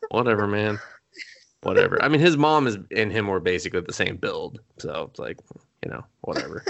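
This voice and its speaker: A man's voice: on the low side, brisk, gravelly, a bit bright, muffled recording. A young man on a podcast casually recapping an anime episode, rambling, laughing often and coughing now and then. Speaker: podcast co-host.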